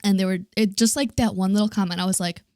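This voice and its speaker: A woman of middle pitch, a guest on a casual podcast chat, who talks about her acting work. Her talk is relaxed and loose, filled with "like". The sound is dry and close, from a studio microphone. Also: fast, no room sound. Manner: casual, heavy use of "like". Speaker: guest, actor.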